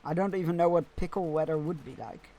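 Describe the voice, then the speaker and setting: A man's voice: on the high side, quick pace, dark tone. A man streaming a game, chatting casually with viewers and often stumbling over his words. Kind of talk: casual gameplay commentary.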